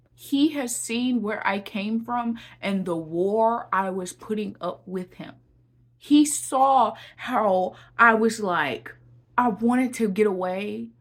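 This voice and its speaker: A young woman giving a heartfelt personal testimony and encouragement to viewers, often repeating her phrases and calling them y'all. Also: mid-range voice. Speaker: Christian encouragement vlogger.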